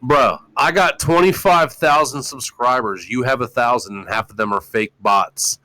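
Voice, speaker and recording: On a rough recording, a man hosting a call-in live stream rants at a moderate pace. As a talk show host, he's loud, mocking and crude, swearing constantly while his pitch swings widely.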